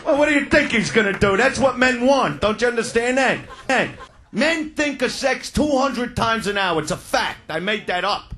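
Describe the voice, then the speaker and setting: Loud crude comic with a bright, high voice. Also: male voice, expressive, normal speed, a little hiss or hum. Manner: crude, loud, shouting punchlines. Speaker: stand-up comedian. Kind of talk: stand-up comedy. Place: comedy stage before a live audience.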